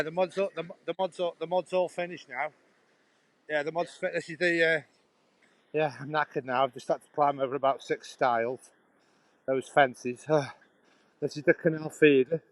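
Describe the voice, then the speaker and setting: A man's voice: on the high side, no echo, rough recording. Middle aged potteries guy, drops his h's, rambling live stream chat on his phone outdoors, dry close sound. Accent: Stoke-on-Trent Potteries, dropped H's. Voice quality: chatty, laughing, restarting phrases. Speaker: vlogger live-streaming a walk. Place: outdoors on a muddy canal-side path. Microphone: phone held while walking.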